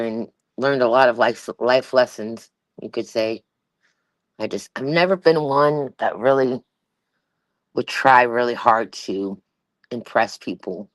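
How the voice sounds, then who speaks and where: A woman's voice: very deep voice, dry recording. A woman hosting a livestream, chatting casually in a rambling way, with many fillers and restarts and a Valley Girl-type voice. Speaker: livestream host.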